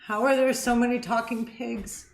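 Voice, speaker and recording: A woman's voice: a little high, steady tone, normal speed, creaky. A woman co-hosting a comedy show, cracking bawdy jokes and laughing through the banter. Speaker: co-host. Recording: echoey room with faint noise.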